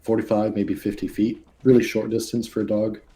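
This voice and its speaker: A man running a tabletop game over a video call, explaining the rules in a relaxed, rambling way. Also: fairly low pitch, a little fast, a little hiss or hum. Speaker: game master.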